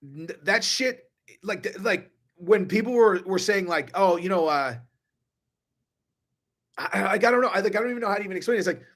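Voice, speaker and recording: A man's voice: high voice, fast, a bit bright. A man ranting on a live stream, profane and rambling, restarting his sentences often. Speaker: online commentator.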